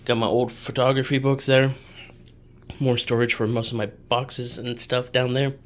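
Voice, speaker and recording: A man's voice: medium pitch, level tone, moderate pace, slight background noise. A young man, casually touring his home office in a vlog, his breathing audible as he talks.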